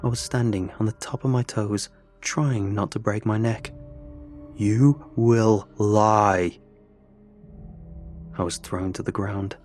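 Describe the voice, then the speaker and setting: A fairly low-pitched man narrates a horror story in a measured, dramatic way. Faint music hums beneath his voice. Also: a little mellow.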